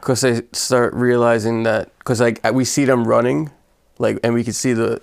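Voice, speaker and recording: A man's voice: medium pitch, flat delivery, moderate pace, vocal fry, no room sound. A man co-hosting a podcast, cutting in with dry remarks in casual banter. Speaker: podcast co-host.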